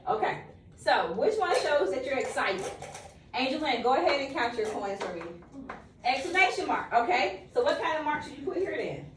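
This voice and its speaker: A woman's voice: high voice, big pitch swings, normal speed, background noise. A woman teaching young children punctuation, playful and encouraging. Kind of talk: classroom teaching. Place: classroom. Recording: roomy classroom from far off.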